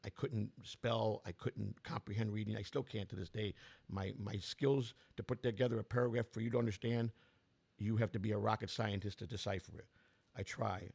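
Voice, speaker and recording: At a normal pace, a man in his sixties running for office recounts his life in a fairly low, steady, slightly mellow voice that sounds gravelly and strained. His storytelling is blunt and meandering, often starting over.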